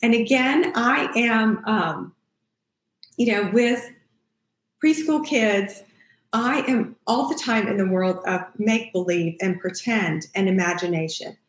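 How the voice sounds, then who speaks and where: A middle-aged woman talks through parenting tips in a relaxed, conversational way. She acts out the lines she uses with kids as she goes. Her voice has a medium pitch and echoes in the room. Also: takes it slowly. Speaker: parenting podcast host and child therapist. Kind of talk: casual advice talk.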